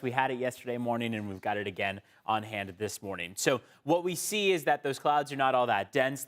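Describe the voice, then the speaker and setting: A man's voice: medium pitch, fairly bright tone. A male TV meteorologist with an American accent, explaining the forecast in a conversational way. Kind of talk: weather forecast.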